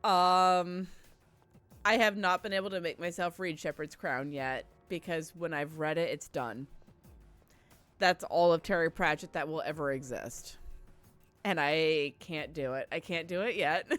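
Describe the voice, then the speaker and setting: A woman's voice: deep voice, a little slow, a bit bright, faint music behind. A woman streaming a game live, chatting in a rambling, heartfelt way and greeting viewers effusively. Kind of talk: casual live-stream chat.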